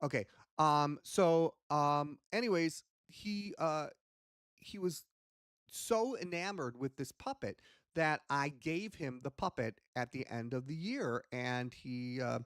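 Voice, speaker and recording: Man hosting a casual hypnotist lesson, lively pitch, dry close sound, chatty and meandering. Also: slow pace, smooth, dry recording. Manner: rambling and animated, with many ums and restarts. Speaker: hypnotist and ventriloquist host. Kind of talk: casual teaching talk.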